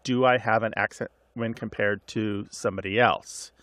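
A man's voice: lowish voice, fairly even intonation, normal speed, fairly bright tone, no echo. A middle-aged man co-hosting a language call-in radio show, explaining in a chatty way with asides. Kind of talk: casual radio chat and explanation.

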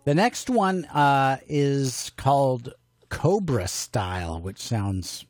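A man's voice: mid-range voice, expressive, slow, a little mellow, soft background music. A man hosting a casual homemade radio show, bantering playfully in a fatherly way. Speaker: host.

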